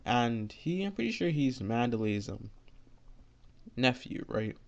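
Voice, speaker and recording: A man voicing a calm young male assassin in a soft, offhand way, in a fan story he is improvising. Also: mid-range voice, unhurried, gravelly. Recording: dull lo-fi recording.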